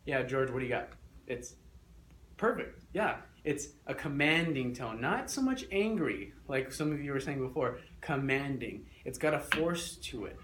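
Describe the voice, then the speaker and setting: Energetic young male teacher, echoey classroom. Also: mid-range voice, moderate pace. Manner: energetic, coaxing, repeats instructions. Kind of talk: classroom lesson. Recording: echoey classroom with faint noise.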